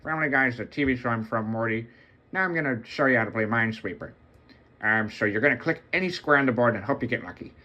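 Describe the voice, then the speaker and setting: A man voicing a dopey, blundering middle-aged cartoon dad who talks bluntly and fast. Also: medium pitch, lo-fi sound, lightly acted. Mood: smug. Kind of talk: comedic cartoon impression.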